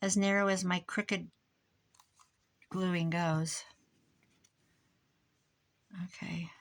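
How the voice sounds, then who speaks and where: Chatty older woman with a creaky voice. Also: fairly low pitch, level tone, drawn-out words. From United States. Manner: rambling, chatty, talks while working. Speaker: craft vlogger. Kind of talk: casual chat while crafting.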